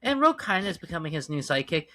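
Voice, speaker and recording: A podcast co-host chatting casually about comics with quick, joking asides. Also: mid-range voice, big pitch swings, a bit bright. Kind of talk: casual comic book chat.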